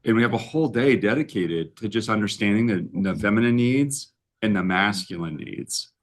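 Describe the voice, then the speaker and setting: A man's voice: on the low side, lively intonation, normal speed. A man hosting a relationship talk, telling stories casually and often checking in with "right?". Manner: storytelling, often tags lines with "right?". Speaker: relationship coach and host. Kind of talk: casual conversation. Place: live-streamed talk.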